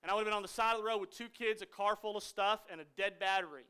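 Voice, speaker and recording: Man, 30s, pastor preaching a dynamic sermon; bright, forceful tone with loud peaks and quiet drops. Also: high-pitched, very fast, smooth. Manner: dynamic preaching, swinging from loud emphasis to hushed asides.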